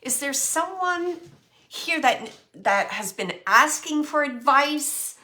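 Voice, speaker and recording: A woman working as a medium, giving a spirit reading to an audience, speaking softly, musing aloud and often dropping to a whisper. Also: high-pitched, expressive, slow pace. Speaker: psychic medium.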